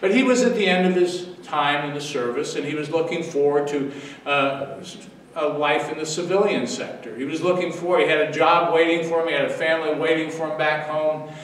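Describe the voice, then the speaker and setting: A man's voice: a little high, brisk, a bit bright, slight background noise. A man in his seventies, a pastor giving a daily devotional sermon, telling the story earnestly and repeating phrases for weight. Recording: echoey room, distant mic.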